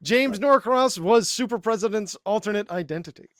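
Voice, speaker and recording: High-voiced man reading quiz questions. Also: fairly bright tone, a little hiss or hum. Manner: reads quiz options slowly and deliberately. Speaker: podcast co-host running a quiz. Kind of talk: casual podcast chat.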